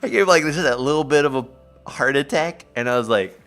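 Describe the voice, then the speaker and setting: A man's voice: medium pitch, fast talker, music in the background. A man streaming live, chatting casually and rambling through a story while acting out the voices of the people in it. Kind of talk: casual chat on a livestream.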